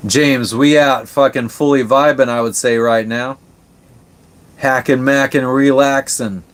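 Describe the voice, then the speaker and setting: Casual male live-stream host on a boat; relaxed, rambling, salty language, mid-range voice. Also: medium pitch, measured pace. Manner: laid-back, swears casually, rambling with restarts. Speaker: livestream host answering chat. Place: on a sailboat.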